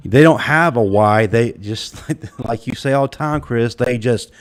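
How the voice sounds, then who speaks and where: A man's voice: mid-range voice, unhurried. Laid-back man hosting a chat show. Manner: relaxed, lots of fillers and laughs. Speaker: podcast host. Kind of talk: casual panel chat.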